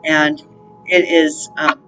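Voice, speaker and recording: This channel host, a spiritual counselor, drifts through a casual, rambling monologue with many fillers and an odd swear word. Her lowish, creaky voice is fairly bright, slow, and swings widely in pitch, with faint music behind and poor audio.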